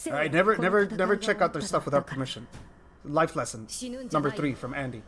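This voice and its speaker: A man from Colombia giving chatty, excitable gameplay commentary on a live stream, joking at his own expense and talking to viewers. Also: a little high, fast, crowd noise. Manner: excitable, chatty, self-mocking, talks to chat. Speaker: game streamer. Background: faint game music.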